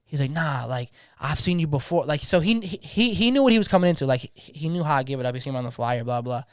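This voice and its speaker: This young man, a DJ guest on a casual podcast, talks fast and passionately in a slightly high voice with lively intonation, using slang and often repeating words as he warms up. The recording is dry, with clean studio sound.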